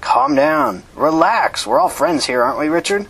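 A man voicing a tall, commanding homeless leader who talks bluntly and swears, in a husky voice, louder and higher than his own. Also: animated, quick pace, low-quality recording. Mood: calming.

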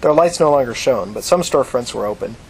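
A man narrating an audiobook in a steady, measured reading. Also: medium pitch, creaky, husky.

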